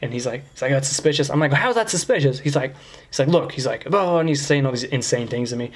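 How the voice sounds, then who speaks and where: A man's voice: medium pitch, quick pace, darkish tone. A man telling a long crude anecdote on a casual podcast, rambling and peppered with "like". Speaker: podcast host telling a story.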